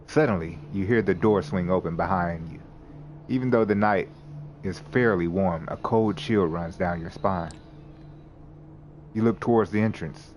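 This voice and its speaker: A man with a very deep voice reads a story game aloud, pausing to laugh and fix his slips. His delivery is casual and chatty. A faint hiss runs under the recording. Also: darkish tone. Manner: laughs and corrects his own misreads. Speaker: let's play narrator. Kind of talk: reading a visual novel aloud with commentary.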